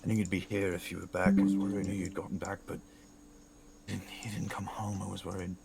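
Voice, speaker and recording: A man's voice: low voice, flat delivery, fast talker, gravelly, a loud crowd. A man voicing a worried female half-orc who fusses over her partner, repeating herself anxiously.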